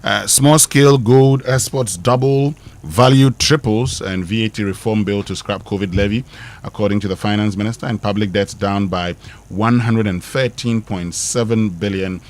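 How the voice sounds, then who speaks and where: A man's voice: lowish voice, fairly even intonation, normal speed. A Ghanaian man co-hosting a morning radio show, explaining pronunciation in a teacherly way with fillers. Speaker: radio co-host. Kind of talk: casual radio chat and newspaper review. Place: radio studio.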